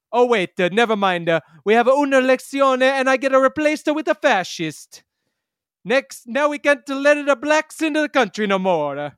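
A hammy, boastful Italian prime minister, put on by a man in a thick put-on Italian accent. He bellows in a high, sing-song way. The voice is smooth and sits close in a dry room. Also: no echo, exaggerated voice. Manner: sing-song, loud and excitable.

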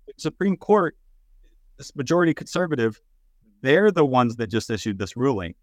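A man from Texas co-hosting a casual political chat, explaining things in a plain-spoken, steady way with fillers. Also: mid-range voice, moderate pace, no echo, studio quality.

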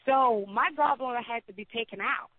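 A woman's voice: fairly high pitch, no room sound. Hesitant woman on a tinny phone line. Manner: halting, repeats words and restarts often. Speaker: interview guest, cancer survivor. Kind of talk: personal story in an interview.

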